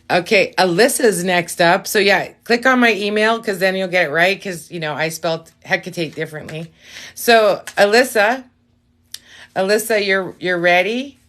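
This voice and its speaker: A woman doing a casual live-stream reading, talking straight to viewers, blunt and swearing freely, with sudden lifts of excitement and quiet asides. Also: mid-range voice. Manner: bursts of excitement, then drops to a quiet aside. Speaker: live-stream tarot reader.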